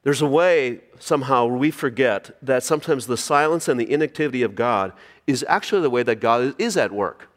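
A man's voice: mid-range voice, expressive, fairly quick, in a large hall. A man preaching a sermon, reading scripture aloud and asking the congregation rhetorical questions. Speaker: pastor.

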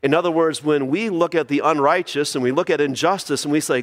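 A man's voice: a little high, fairly quick, hardly any pauses, in a large hall. A man preaching a sermon, reading scripture aloud and asking the congregation rhetorical questions. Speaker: pastor.

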